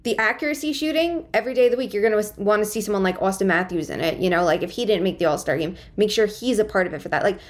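A woman co-hosting a casual podcast, animated and blunt, who swears freely and rambles through her opinions. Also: medium pitch. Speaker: podcast co-host.

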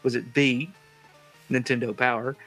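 A man's voice: medium pitch, level tone, moderate pace, fairly bright tone, faint music behind, poor audio. A man hosting a casual game trivia quiz, reading out multiple-choice answers and laughing easily. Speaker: quiz host. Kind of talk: casual podcast chat.

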